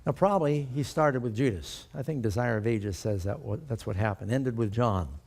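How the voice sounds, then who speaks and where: A man's voice: medium pitch, moderate pace, vocal fry, a little mellow. A male pastor preaching a sermon, emphatic and putting rhetorical questions to his congregation.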